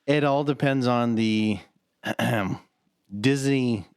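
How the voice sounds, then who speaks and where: A man's voice: medium pitch, steady tone, slow pace, darkish tone, clear, resonant tone, no echo. Rambling, cursing podcast guy, dry sound. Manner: loose, swearing, rambling with many fillers. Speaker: podcast co-host. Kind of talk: casual chat.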